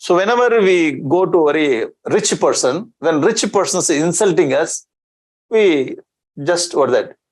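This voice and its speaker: Man, swami's discourse, slightly high voice, chants verses, asks rhetorical questions. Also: lively intonation, measured pace, poor audio. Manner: chants Sanskrit verses, explains in English, frequent restarts and rhetorical questions. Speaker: swami teaching scripture. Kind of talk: scripture discourse.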